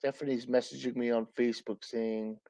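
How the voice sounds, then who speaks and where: A man's voice: medium pitch, level tone, mellow, dry recording. A man hosting a casual livestream chat, blunt and profane, who coughs now and then and says he has been drinking beer since the night before. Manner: talks slowly with pauses and coughs. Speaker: livestream host.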